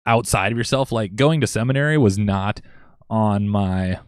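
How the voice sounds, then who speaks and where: A man's voice: fairly low pitch, moderate pace, clear, resonant tone, dry recording, clean studio sound. A man in his thirties, a church music director, talking casually on a podcast and explaining his ideas simply, with lots of fillers. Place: Minnesota.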